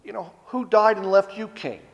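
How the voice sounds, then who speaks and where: A man voicing a sarcastic woman at a well in a sermon, a bit higher than his own voice. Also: normal speed, creaky, in a large hall, muffled recording. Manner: sarcastic, challenging.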